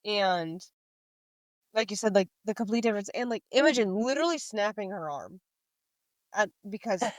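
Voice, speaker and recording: A woman's voice: medium pitch, animated, normal speed, long pauses, dry recording. A woman co-hosting a casual book podcast, chatting and retelling scenes with quoted lines read aloud. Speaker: podcast co-host.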